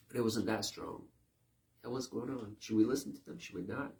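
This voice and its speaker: A man preaching a sermon, animated and talking through illustrations with playful asides. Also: fairly low pitch, creaky. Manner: animated, mimics voices in quick asides. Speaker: pastor.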